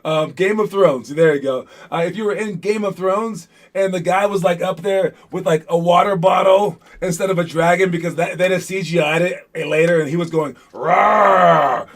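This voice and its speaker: A young man coaching young basketball players in a casual, rambling motivational talk full of fillers and restarts. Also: high voice.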